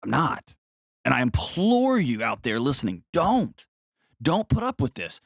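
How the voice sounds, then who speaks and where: A man's voice: medium pitch, wildly swooping pitch, measured pace, gravelly, no echo, studio quality. A man hosting an advice show, talking bluntly and emphatically and repeating words for stress. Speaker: host.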